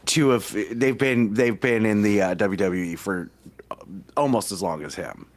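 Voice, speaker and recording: A man co-hosting a casual podcast chat, halting and restarting a lot. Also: on the low side. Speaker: podcast co-host.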